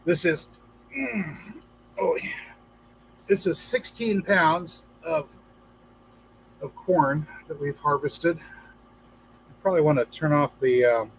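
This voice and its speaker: Chatty host with a faint hum behind. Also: male voice, fairly high pitch, slow pace, long pauses, rough recording. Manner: chatty, reads viewer comments aloud, acts out voices in a joke. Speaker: livestream host. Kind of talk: casual livestream chat.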